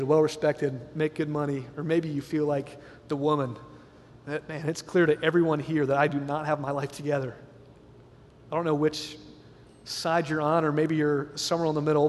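Earnest preacher with hall reverb. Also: male voice, on the high side, a little hiss or hum. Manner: storytelling, earnest, building slowly. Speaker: pastor. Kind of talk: sermon. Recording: long hall reverb, faint room ambience.

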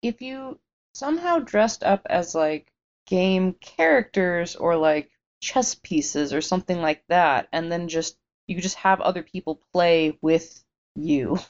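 Slow, thoughtful female podcast guest. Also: lowish voice, animated, lo-fi sound. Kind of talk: casual chat.

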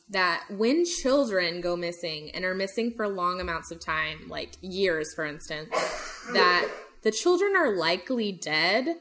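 A young woman talks through a true crime case in loose, casual chat. Her voice sits in an ordinary middle pitch. She fills her sentences with "like" and "um" and acts out the quotes. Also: a bit bright. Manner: chatty, lots of "like" and "um", acts out quotes. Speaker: podcast host telling a true crime story.

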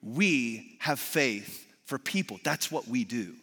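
A man's voice: mid-range voice, lively intonation, slow pace, pushed and bright, big-room sound. A male pastor preaching a sermon, telling personal stories with humor and acting out quotes energetically.

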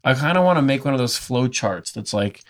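An energetic man talks in a relaxed, conversational way. He tells stories with gusto and slips into the voices of the people he met. His voice sits in an ordinary middle range. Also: mid-range voice, a little fast. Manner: enthusiastic storyteller, acts out dialogue. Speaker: brewery tour business owner. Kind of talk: casual podcast conversation.

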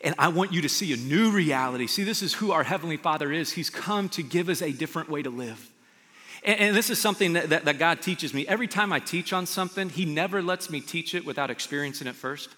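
A man preaching a sermon as pastor, telling stories with animated energy. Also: fairly high pitch, fast. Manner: animated storytelling, shouts in retold scenes. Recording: long hall reverb.

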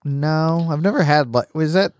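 A man's voice: a little high, normal speed, dry recording, clean studio sound. A man with a British accent, co-hosting a casual chat podcast in a joking, playful way. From Britain. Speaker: podcast co-host.

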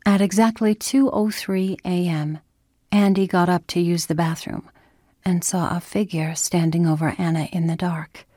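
A woman narrating a scripted story in a calm, measured way, dropping to a whisper in tense moments. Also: fairly low pitch, no echo, studio quality.

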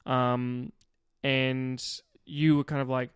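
A young man chats on a podcast in a sheepish, rambling way, drifting into side notes. His voice is fairly high for a man and clear and smooth. The sound is close and dry. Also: normal speed, no room sound. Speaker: podcast co-host. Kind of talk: casual storytelling chat.

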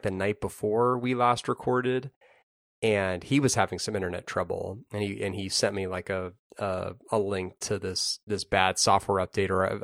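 A man's voice: lowish voice, a bit bright, no echo. A man co-hosting a podcast from home, talking casually with dry, wry humor and stammering starts. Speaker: podcast co-host. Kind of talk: casual chat. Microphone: laptop recording setup.

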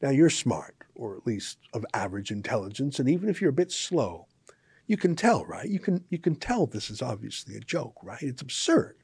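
Sarcastic, lively-voiced male commentator. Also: mid-range voice, normal speed, vocal fry, breathy edge, no echo. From Canada. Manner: sarcastic, mocking, emphatic. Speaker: commentary show host. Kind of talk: opinion commentary monologue.

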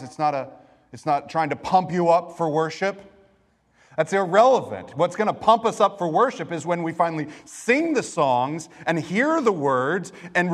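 A man preaching a sermon to his congregation, asking rhetorical questions and pressing his points with emphatic, shifting delivery. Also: on the high side. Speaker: pastor. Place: church sanctuary. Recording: long reverb of a large hall.

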